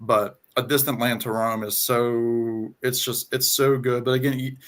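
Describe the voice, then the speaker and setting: A man with a Southern US twang, talking casually on a video call and pausing often with ums and restarts. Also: mid-range voice, level tone. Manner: halting, many ums and restarts. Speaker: guest on music chat. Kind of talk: casual conversation.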